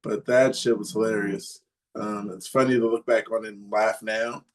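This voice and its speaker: A man's voice: fairly low pitch, steady tone, normal speed. A man in a podcast chat, telling a story in a rambling way with many ums and restarts. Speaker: podcast guest or co-host.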